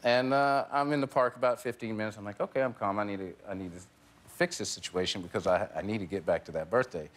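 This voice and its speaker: A man's voice: fairly low pitch, quick pace. A man in his forties, a talk show guest telling a comic story and laughing through his punchlines. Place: TV studio with live audience.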